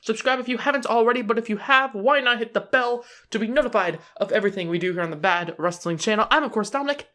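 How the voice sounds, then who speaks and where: A man's voice: high voice, fast, few pauses, sharp tone. A man on his own channel giving casual wrestling predictions, rambling and sarcastic with frequent restarts. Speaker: YouTube wrestling commentator.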